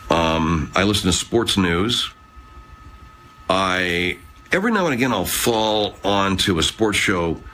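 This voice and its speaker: A man's voice: low voice, expressive, slow pace, sharp tone. A man hosting a casual live chat, rambling, swearing, and reading out viewer comments. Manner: rambling, profane, chatty. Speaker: livestream host.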